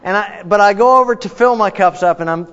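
Male preacher, animated self-deprecating storyteller, dull lo-fi church recording. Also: sits high, brisk, clear, resonant tone. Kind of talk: sermon with personal anecdotes. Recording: echoey hall, dull lo-fi sound.

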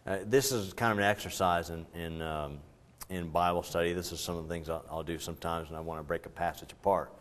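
A man preaching a sermon in a church, talking with the congregation, asking them questions and swinging between loud and quiet delivery. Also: sits low, steady tone, fast. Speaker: pastor.

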